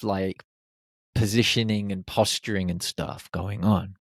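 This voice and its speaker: A man in his forties from the UK, a podcast host telling a reflective personal story and acting out his nervous inner voice in hushed tones. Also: low-pitched, fairly even intonation, unhurried, dry recording, studio quality. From United Kingdom.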